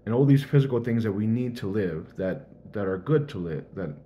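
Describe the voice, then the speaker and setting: A man's voice: lowish voice, animated, fairly quick, highs cut off, a little hiss or hum. A young man thinking aloud in a casual, earnest vlog monologue.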